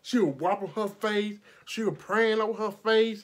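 A woman makeup artist telling a storytime vlog indoors under bright lights, blunt and profane, acting out every quote and sweating from the heat. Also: medium pitch, moderate pace.

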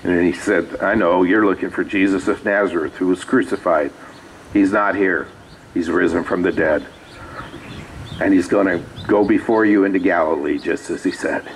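Man, pastor, very low pitch, conversational sermon, faint background noise. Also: fairly even intonation, normal speed, rough recording. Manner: conversational storytelling with asides. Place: small rural church.

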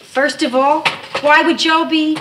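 A high-voiced, nervous young wife who cracks jokes at her own expense. She rattles along, quick-witted and self-mocking, in a 1970s TV sitcom. Studio audience laughter rolls in behind her. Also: steady tone, background noise. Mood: rattled. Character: anxious, wisecracking young married woman. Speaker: title character, wife.

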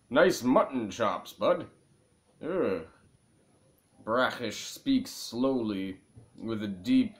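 Crude, joking young gaming host. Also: male voice, medium pitch. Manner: crude, joking, grumbling asides. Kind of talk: casual let's play commentary.

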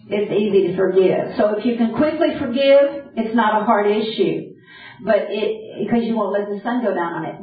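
A woman preaching an earnest sermon and quoting scripture directly. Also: mid-range voice. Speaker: Bible teacher. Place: camp meeting hall. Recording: distant, echoey, phone-like lo-fi.

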